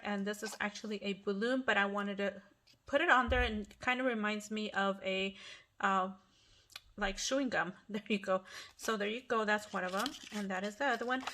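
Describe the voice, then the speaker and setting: A middle-aged woman hosts a casual craft tutorial from home, her fairly high, sharp voice accompanied by a slight hiss or hum. She's chatty and apologetic as a craft channel host, often restarting her sentences.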